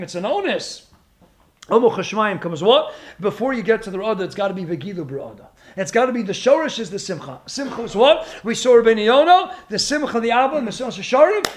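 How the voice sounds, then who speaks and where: A man giving a Torah lecture as a rabbi, with an expressive, sing-song delivery full of rhetorical questions. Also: high voice.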